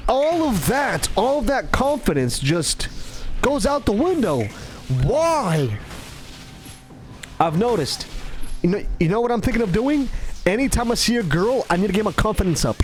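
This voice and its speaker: A man rambling in casual commentary, animated and self-mocking. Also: high voice, moderate pace, soft background music. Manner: animated, self-mocking, acts out his own lines. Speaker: gaming commentator.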